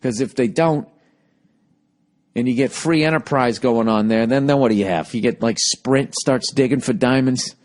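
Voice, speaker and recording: With a medium-pitched, darkish voice at a moderate pace, a forties-aged podcast host from Boston works through listener emails on his casual solo show. He rants along the way, throwing in sarcastic and profane remarks.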